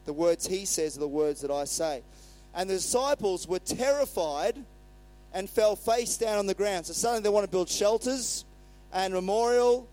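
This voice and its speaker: A man's voice: high voice, normal speed, mellow, poor audio. A male pastor giving a sermon in a conversational way, retelling scripture and acting out the quotes.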